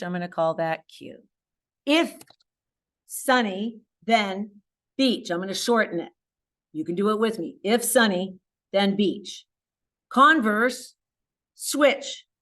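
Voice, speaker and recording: A woman math teacher giving a video lesson, stressing key words and encouraging her students. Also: mid-range voice.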